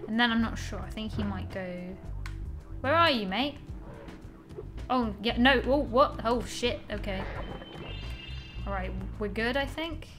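A woman's voice: fairly high pitch, measured pace, pauses often, over music. A young woman giving casual gameplay commentary, exasperated, swearing often and talking to herself. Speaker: gaming channel host.

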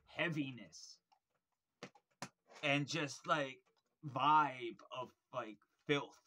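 A man's voice: on the high side, bright, forceful tone. A young man hosting a record review vlog, rambling in casual chat with lots of fillers and swearing, getting keen about the music. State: frustrated while searching his shelves.

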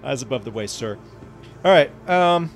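A man giving excited, chatty commentary while playing a space game, reacting aloud to everything he sees. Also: medium pitch, normal speed. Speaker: gaming YouTuber. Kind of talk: casual gameplay commentary. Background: game music.

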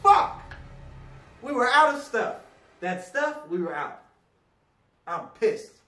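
A gamer giving loud, profane casual commentary while playing a co-op horror game, quick to rage and laugh. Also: medium pitch, sing-song. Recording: distant mic in an echoey room with loud ambience.

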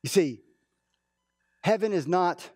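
Man, pastor, slightly high voice, chatty sermon style, frequent restarts. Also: slow pace, slightly rough, dry recording, studio quality, faint music behind. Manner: informal, animated storytelling with many restarts. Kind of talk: conversational sermon. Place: church.

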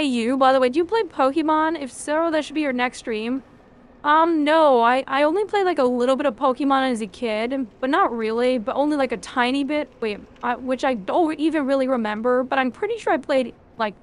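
High-voiced woman chatting on stream. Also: brisk. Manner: casual, rambling, swears freely, reads out chat. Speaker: video game streamer. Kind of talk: live game stream chat.

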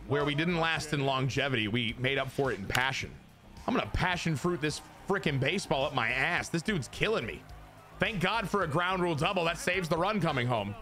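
Excitable young man streaming a baseball game. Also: fairly high pitch. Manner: excitable, swings between joking rants and hype; crude, self-mocking humor. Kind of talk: casual gameplay commentary to chat.

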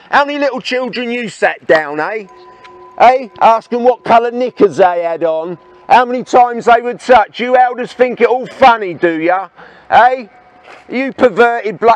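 Street protester, male, very high voice, slow badgering delivery. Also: no echo. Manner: badgering, repeatedly demanding "eh?" in challenge. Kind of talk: confrontational outdoor harangue. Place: outdoors by the sea.

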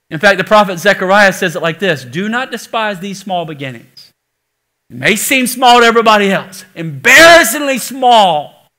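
A male pastor preaching a sermon to a congregation, swinging from loud exhortation to hushed pleading and acting out quoted voices. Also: high voice. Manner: acts out quoted voices in everyday speech. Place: church sanctuary.

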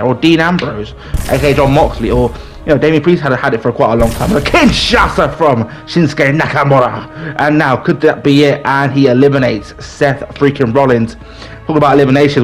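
A man hosting a gaming channel, giving excited let's-play commentary in a mock wrestling-announcer style and breaking into pleading with the game. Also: mid-range voice.

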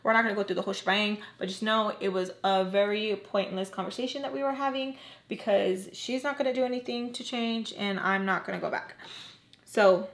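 Chatty woman telling a storytime. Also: medium pitch. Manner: chatty, fast, full of "like" fillers and asides to viewers. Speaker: vlogger. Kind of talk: casual storytime narration.

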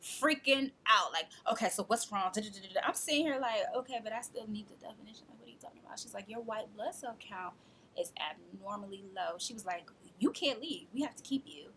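A woman in her twenties tells her own story straight to camera, talking casually and with lots of life. She acts out the people she quotes and laughs often as she goes. Her voice sits at an ordinary middle pitch. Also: fast talker, bright, forceful tone, breathy edge. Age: 20s. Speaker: vlogger.

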